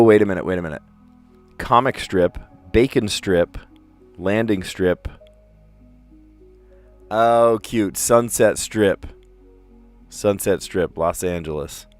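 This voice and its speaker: Man, teacher, casual puzzle livestream host, low voice, thinks aloud, chatty and self-amused.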